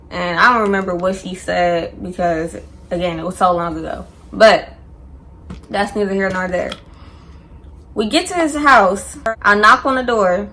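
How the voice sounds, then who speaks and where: Animated young woman telling a storytime. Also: mid-range voice. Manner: animated, slangy, acts out quotes. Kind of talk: casual storytime.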